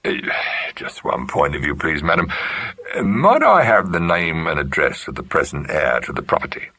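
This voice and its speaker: A man's voice: rumbling low, sing-song, moderate pace, pushed and bright, slightly rough, exaggerated voice. A man playing a diffident police inspector who speaks hesitantly and apologetically. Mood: deferential. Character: polite, diffident middle-aged male police inspector.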